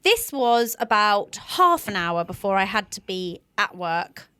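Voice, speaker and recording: A woman, co-hosting a podcast and telling an animated story in casual chat. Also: mid-range voice, a little slow, clean tone, no room sound. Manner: animated storytelling with acted-out quotes. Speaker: podcast co-host.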